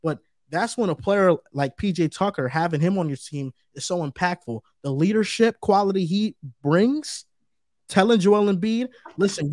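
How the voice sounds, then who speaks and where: A man's voice: a little high, a little mellow, dry recording, studio quality. A man co-hosting a sports debate show, talking emphatically and repeating his points for stress. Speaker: co-host.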